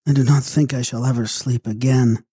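A woman's voice: very deep voice, steady tone, moderate pace, mellow, slightly rough, no room sound. A man reading a horror audiobook, voicing a terrified young woman who pleads in trembling cries. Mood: shaken. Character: terrified young woman after a vampire attack. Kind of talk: audiobook character voice.

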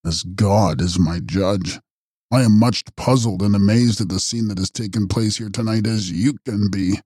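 A man reading a horror audiobook, voicing a grave gentleman who speaks slowly and solemnly. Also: fairly low pitch, husky, no echo, studio quality. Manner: slow, solemn, reassuring. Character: grave, steady older gentleman. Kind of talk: audiobook character voice.

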